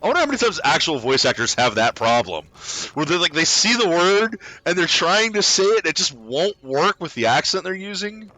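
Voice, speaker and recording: Casting note: an excitable male streamer with a lively, bright voice and a dry, close sound. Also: a little high, brisk, dry recording. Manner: excitable, chatty and exclaiming. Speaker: gaming streamer. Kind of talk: casual game commentary.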